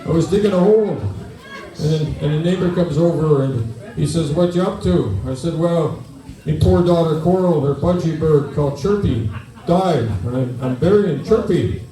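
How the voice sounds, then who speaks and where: A man with a thick Newfoundland accent spins folksy stand-up jokes and chats with the crowd. His voice is mellow and a little higher than most men's. He sounds far from the mic, and the hall around him echoes. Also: moderate pace. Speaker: stand-up comedian. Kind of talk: stand-up storytelling in character. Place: event hall with an audience.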